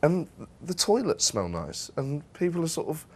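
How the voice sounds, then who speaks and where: A man hosting a comedy sports panel, telling anecdotes in an animated way and mimicking the people he describes. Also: on the high side, moderate pace, breathy edge. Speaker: host.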